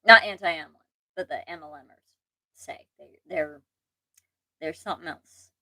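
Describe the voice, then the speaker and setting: Young woman host for a casual livestream; chatty and self-deprecating, fairly low pitch, dry sound. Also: a little slow, bright, forceful tone, dry recording, rough recording. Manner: chatty, rambling, self-deprecating, frequent laughs and restarts. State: occasional allergy cough. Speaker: channel host.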